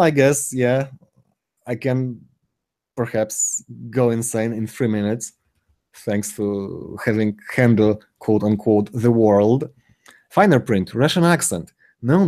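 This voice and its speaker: A middle-aged man co-hosting a live stream in casual chat, speaking haltingly with frequent restarts and self-corrections. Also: medium pitch, darkish tone. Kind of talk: casual chat, reading out chat comments.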